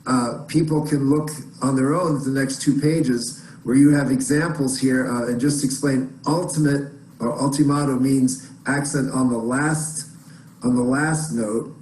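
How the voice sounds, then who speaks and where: A man's voice: medium pitch, fairly even intonation, unhurried, darkish tone, echoey room, poor audio. A man hosting an online music workshop, explaining in a rambling, encouraging way with many restarts. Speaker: workshop host.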